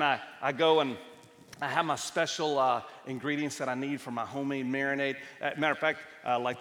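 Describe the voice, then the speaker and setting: A man's voice: medium pitch, a bit bright, in a large hall. A man preaching a sermon, telling personal stories in a conversational way with frequent restarts. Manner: storytelling, conversational with many restarts. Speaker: pastor. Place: church hall.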